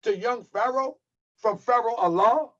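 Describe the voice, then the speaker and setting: A man's voice: extremely high pitch, a little slow, fairly bright tone, lo-fi sound. A man hosting his own channel, delivering a heated, mocking rant and calling his viewers family. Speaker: channel host. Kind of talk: livestream rant.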